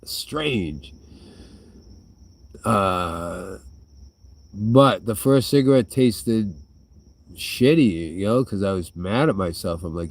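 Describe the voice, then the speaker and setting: A man's voice: on the low side, animated, takes it slowly, pauses often. A man chatting casually to his viewers, swearing freely, trailing off and restarting, with a smoker's cough now and then. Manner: smoker's cough between sentences. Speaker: vlogger answering viewer questions.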